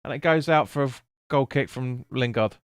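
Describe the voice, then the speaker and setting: A man with a medium-pitched, clear and resonant voice talks at a moderate pace, recorded clean in a studio with no room sound. He's streaming a football watch-along, calling the action live and reading chat, answering viewers bluntly and chattily with plenty of swearing.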